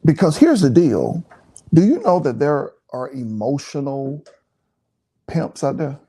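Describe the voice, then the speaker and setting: Animated, preachy man co-hosting. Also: on the high side, unhurried, slightly rough. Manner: repetitive, preachy, emphatic. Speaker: pastor and co-host. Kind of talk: relaxed teaching chat.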